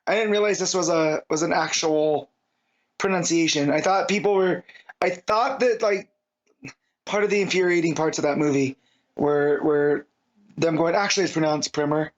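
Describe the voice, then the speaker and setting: A man with a high voice chats casually as a podcast co-host. He rambles with real enthusiasm and wanders off on tangents. The audio sounds a little muffled and lo-fi. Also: normal speed. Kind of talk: casual chat. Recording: slightly dull lo-fi audio.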